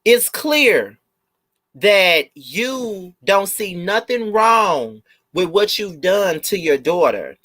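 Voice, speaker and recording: A man's voice: high-pitched, sing-song, drawn-out words, fairly bright tone. Fired-up man ranting straight at viewers. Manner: emphatic, repetitive, talks straight to viewers; blunt, swears freely. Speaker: video host and reviewer. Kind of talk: live review rant.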